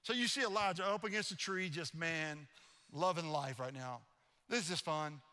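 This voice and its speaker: A man preaching a sermon as pastor, telling stories in an animated, playfully mocking way. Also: a little high, normal speed, clear, resonant tone, in a large hall. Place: church sanctuary.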